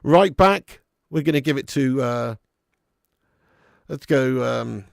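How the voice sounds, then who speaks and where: Gravelly chatty football watch-along host. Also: male voice, medium pitch, expressive, slow, dry recording, clean studio sound. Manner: chatty, reads out viewer messages, laughs often. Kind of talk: casual live match commentary.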